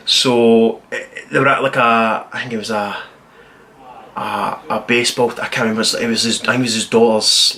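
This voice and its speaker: Man, film review, casual rambling, excitable, swears, bright edgy tone. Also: medium pitch.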